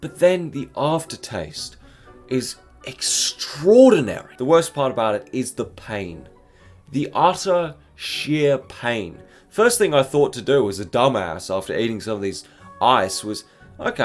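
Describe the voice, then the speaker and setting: Lively young man in a profane rant. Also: mid-range voice, a little slow, soft background music. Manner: exaggerated, profane, mock-dramatic. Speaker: vlogger reviewing candy. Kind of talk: comic rant review.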